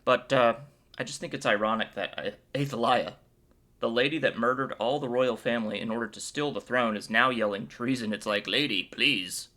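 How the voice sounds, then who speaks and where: A man's voice: medium pitch, steady tone, a little fast, sharp tone. A man hosting a casual Bible commentary, upbeat and playful, cracking jokes as he retells the chapter. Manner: playful and joking; upbeat and enthusiastic. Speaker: Bible video host.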